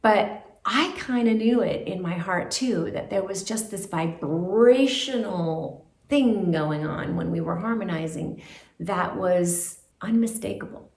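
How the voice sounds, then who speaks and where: A woman telling her career story in a casual, animated way with chatty fillers. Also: on the low side, slow. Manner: animated, acts out quoted voices, chatty fillers. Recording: roomy echo.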